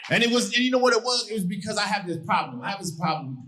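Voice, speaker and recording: A middle-aged man from Hawaii performing animated stand-up on a comedy stage, shouting his punchlines. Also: high voice, racing. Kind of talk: stand-up routine. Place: comedy stage before a live audience. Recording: live show with loud crowd.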